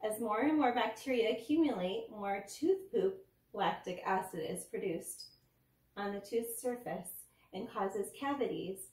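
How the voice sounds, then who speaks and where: A woman's voice: medium pitch, vocal fry. A woman teaching children about teeth in a chatty, explaining way, as a storytime and science demo. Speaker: children's dental educator. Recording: roomy, from a distance.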